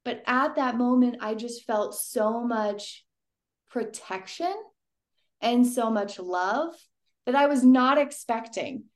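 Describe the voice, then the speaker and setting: A woman's voice: fairly high pitch, darkish tone. A young adult woman giving a personal faith testimony in an earnest, emotional way, often restarting her sentences. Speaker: guest.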